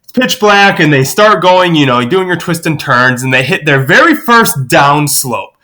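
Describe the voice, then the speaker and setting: A man guest on a podcast, telling a family anecdote in a lively, animated way. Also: moderate pace. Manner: lively storyteller, acts out quoted voices with big pitch jumps.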